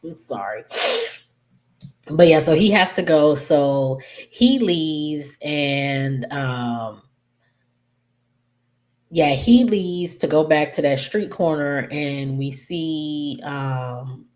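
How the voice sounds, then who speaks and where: Woman, deep low voice, casual episode recap, rambling, lots of ums and asides. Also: very slow, darkish tone. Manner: rambling, filler-heavy, apologetic asides. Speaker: YouTube TV recap host.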